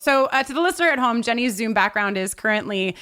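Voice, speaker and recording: A woman co-hosts a casual podcast over a video call. Her voice sits a little high, and she talks in an animated rush full of fillers and laughs. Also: quick pace, clear, resonant tone. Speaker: podcast co-host. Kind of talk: casual rewatch chat.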